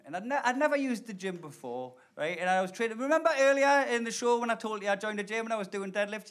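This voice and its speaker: Male stand-up comic, high, lively voice, chatty and direct with the crowd. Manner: animated, conversational, addresses the crowd directly. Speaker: stand-up comedian. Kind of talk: live stand-up storytelling. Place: stage before a live audience.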